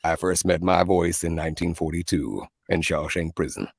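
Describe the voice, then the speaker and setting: A man putting on the impression of a calm older narrator with a slow, measured delivery. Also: low voice, creaky, husky, no echo, studio quality, pitched below the performer's own voice, full character voice. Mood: solemn.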